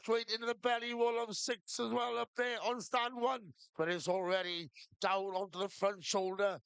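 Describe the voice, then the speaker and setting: A man giving steady blow-by-blow live commentary on a shearing competition. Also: sits high, normal speed, gravelly, clean tone, dry recording. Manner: steady blow-by-blow calling of each shearing move. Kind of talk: live sports commentary over a PA.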